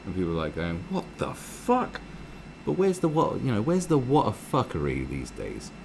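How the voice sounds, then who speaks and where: A man's voice: on the low side, huge pitch swings, brisk, vocal fry, noisy background. Profane, ranting British man. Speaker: live stream host. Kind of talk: casual commentary rant.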